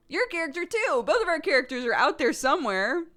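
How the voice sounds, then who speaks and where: A woman's voice: high-pitched, very animated, a little fast, sharp tone. A woman streamer chatting casually with viewers, talkative and laughing often, with many fillers. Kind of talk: casual livestream chat.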